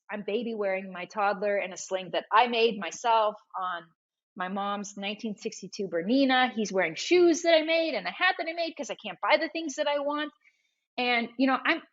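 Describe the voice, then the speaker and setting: Woman, podcast guest, storytelling, acts out quoted dialogue, mid-pitched voice, slightly dull lo-fi sound. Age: adult, mother of school-age boys. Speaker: entrepreneur guest. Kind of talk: personal storytelling in a podcast interview.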